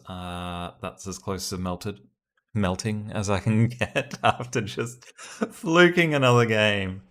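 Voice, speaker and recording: Male streamer with a lowish voice; easygoing, talks through his guesses, quick to laugh. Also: fairly bright tone. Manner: chatty, thinks aloud, laughs often. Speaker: streamer and host. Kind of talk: casual livestream commentary.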